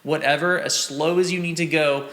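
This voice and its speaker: Counting and vocalizing rhythms aloud, a young drum teacher encourages his student through a snare exercise in a fairly high, steady, sharp voice at normal speed. Drums and a metronome play in the roomy recording.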